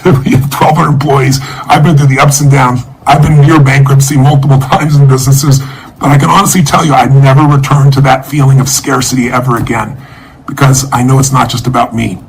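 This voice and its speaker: A man, a motivational speaker, telling a personal story and making a charity appeal in an emotive, energetic way. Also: medium pitch, a little hiss or hum, poor audio.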